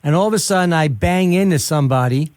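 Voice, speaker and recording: A man's voice: fairly high pitch, fast talker, darkish tone, no room sound. Chatty older male radio host. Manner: chatty storyteller, acts out quotes. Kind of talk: casual interview chat.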